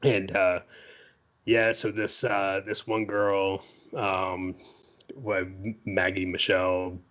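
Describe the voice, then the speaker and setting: A man's voice: deep voice, little pitch movement, takes it slowly, a bit bright, muffled recording. A man co-hosting a podcast, telling a story in a loose, chatty way, full of "you know" and "right?" asides. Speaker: podcast co-host. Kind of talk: casual storytelling.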